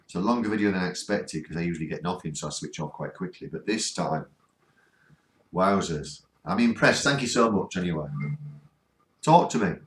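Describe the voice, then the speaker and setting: A man's voice: sits low, lively intonation, a little fast, echoey room, a little hiss or hum. A man with a northern English accent hosting a ghost hunt, earnestly coaxing spirits to speak during a spirit box session. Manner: coaxing, earnest, keeps pleading for replies. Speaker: ghost hunting vlogger. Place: cold spot on a ghost hunt.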